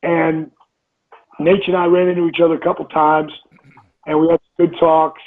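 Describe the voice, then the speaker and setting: Guy in his 50s telling stories, animated and swearing, bit higher voice. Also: normal speed. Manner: animated, swearing storyteller acting out quotes. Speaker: interview guest. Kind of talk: storytelling in a casual interview. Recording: tinny phone-line audio.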